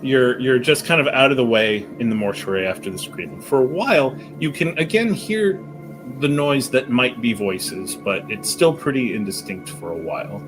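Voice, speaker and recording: A man narrating a tabletop role-playing game as game master, describing scenes in a measured way. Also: medium pitch, expressive, music in the background.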